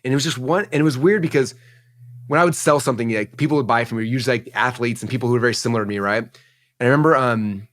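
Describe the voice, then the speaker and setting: Entrepreneur guest, man in his forties, fast rambling storyteller, middle pitch. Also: fairly bright tone. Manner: rambling, emotional, lots of "like" and "um". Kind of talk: candid interview storytelling.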